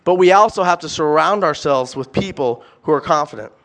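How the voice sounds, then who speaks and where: A young man preaching a sermon, animated and emphatic, firing off rhetorical questions and repeating words. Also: fairly high pitch, brisk.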